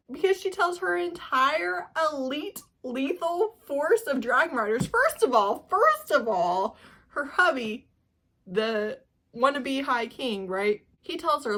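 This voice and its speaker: A woman's voice: high voice, animated, unhurried, bright, forceful tone. A young woman talking casually as a book reviewer, ranting with sarcasm and laughing often. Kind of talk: casual reading vlog.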